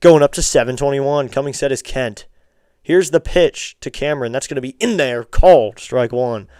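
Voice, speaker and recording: A man with a smooth, resonant voice calls the pitches of a baseball game for his live stream. He keeps it loose and chatty between pitches, greeting the chat and pushing for likes and subs. The sound is close and dry, with no room around it. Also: moderate pace, darkish tone, no echo. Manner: casual, chatty, asking viewers for likes and subs. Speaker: streamer doing play-by-play.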